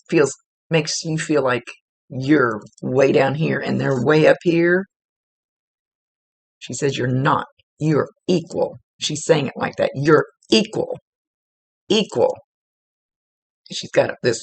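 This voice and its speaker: A woman's voice: low-pitched, gravelly, no echo. A woman working as a psychic medium, giving a spirit reading in an earnest, chatty way and repeating words for emphasis. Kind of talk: spirit reading, relaying messages.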